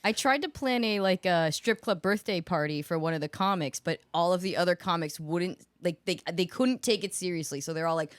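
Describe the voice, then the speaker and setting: A woman's voice: lowish voice, a little fast, hardly any pauses, dry recording. A woman comedian, a guest on a casual podcast, telling rambling stories and giggling often.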